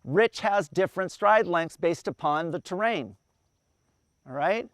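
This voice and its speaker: A man's voice: sits high, animated, unhurried, no room sound. A man coaching a group outdoors, explaining running and swimming cadence step by step and counting breaths aloud in rhythm. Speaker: endurance coach.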